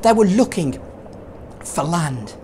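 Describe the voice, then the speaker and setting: A man telling a Bible story to children in a playful, dramatic way. His voice is very lively, rising high and dropping low as the story goes. He sounds like a children's ministry puppeteer. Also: slow pace, slight background noise. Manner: playful, dramatic, with lots of vocal swings.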